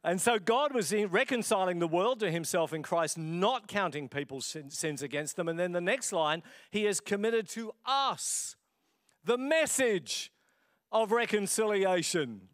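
A middle-aged pastor preaching with passion and an easy, conversational warmth of delivery. His voice sits a little high for a man and comes through close and dry. He preaches like he's talking to friends, with the odd laugh. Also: animated, unhurried, dry recording. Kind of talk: sermon. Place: church.

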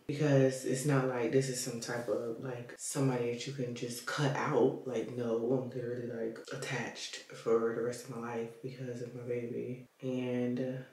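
With a rumbling low, darkish voice, a young woman talks casually to her vlog camera at home, wandering candidly from thought to thought and saying "y'all" and "like" a lot. The indoor room gives the recording an echo.

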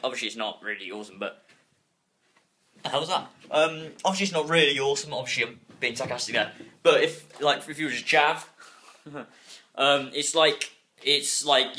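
This young man's voice sits on the high side, sharp and slightly rough. He's vlogging casually from his bedroom on a phone held in his hand, rambling restlessly and cursing without restraint.

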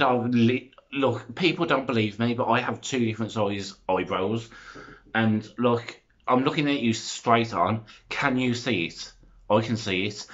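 Excitable rambling young man. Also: mid-range voice, muffled recording. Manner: excitable, rambling, self-interrupting. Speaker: makeup vlogger. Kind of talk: chatty makeup review vlog. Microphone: front-facing phone camera.

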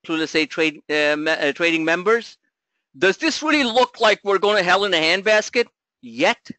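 A middle-aged man hosting a live trading webinar, joking and talking loosely, with loud asides and low mutters. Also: normal speed, dry recording. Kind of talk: live market webinar talk.

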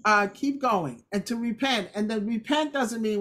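A woman's voice: fairly high pitch, normal speed, fairly bright tone. A woman teaching scripture in an informal, emphatic, conversational way, with playful asides. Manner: conversational, emphatic, acts out quotes. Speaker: Bible study teacher.

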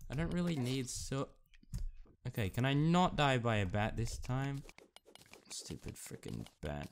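A young man giving excitable gameplay commentary, reacting with frequent exclamations and mild cursing as a gaming YouTuber. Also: mid-range voice, measured pace, gravelly, a little hiss or hum.

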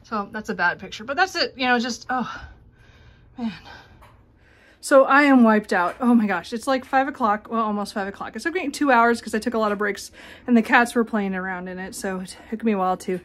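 A woman's voice: a little high, quick pace, fairly bright tone. A woman chatting casually in a home vlog, rambling with frequent fillers while she works around her house, at times out of breath. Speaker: vlogger. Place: home bedroom closet.

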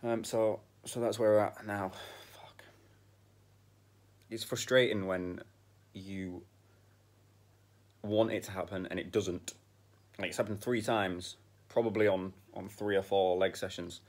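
A man's voice: fairly low pitch, steady tone, unhurried. A man chatting casually in a vlog about dog training, blunt and swearing when frustrated. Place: outdoors in a field with dogs.

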